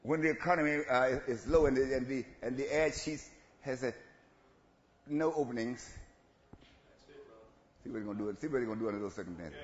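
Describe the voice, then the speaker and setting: A man's voice: a little fast, pauses often, slight background noise. Preaching man in an echoey church. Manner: swings from shouting to low asides, laughs between lines. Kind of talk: sermon. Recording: echoey church room, dull lo-fi sound.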